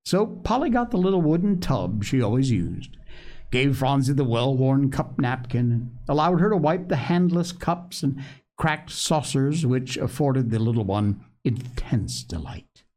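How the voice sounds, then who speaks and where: A man hosting a show who reads an old children's book aloud in a lively, expressive storytelling manner. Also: mid-range voice, unhurried. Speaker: podcast host reading a book aloud. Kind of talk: reading a children's classic aloud.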